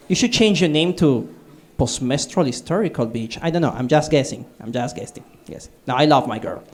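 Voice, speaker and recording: A man doing a stand-up set of short one-liners, delivered in a dry, unhurried way. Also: a little high. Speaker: stand-up comic.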